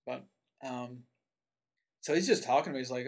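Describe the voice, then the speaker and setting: A man's voice: medium pitch, moderate pace. A man from Tennessee telling a personal story in a casual, rambling way, full of asides. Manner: rambling, with many asides and fillers.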